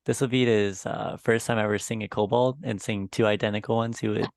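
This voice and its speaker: Gravelly low-voiced male player. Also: fairly even intonation, a little fast, dry recording. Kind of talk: describing his character in casual chat.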